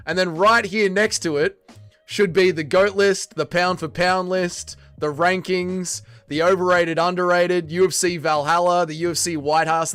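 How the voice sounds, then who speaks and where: A man's voice: high voice, a bit bright. A man hosting a casual livestream, reading chat aloud and bantering with it, swearing and exasperated.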